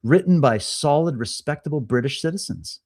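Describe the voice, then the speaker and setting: A man's voice: on the high side, lively intonation, moderate pace, a little mellow. A man hosting a live stream, giving casual commentary with sarcastic, mocking asides. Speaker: livestream host.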